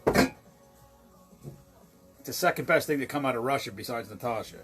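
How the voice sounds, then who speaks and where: A man's voice: medium pitch, animated, moderate pace, over music. A tipsy man hosting a drinks show from his home bar, rambling and swearing through casual stories with frequent giggles. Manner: profane, rambling, giggly storyteller. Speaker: show host mixing drinks. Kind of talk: casual chat.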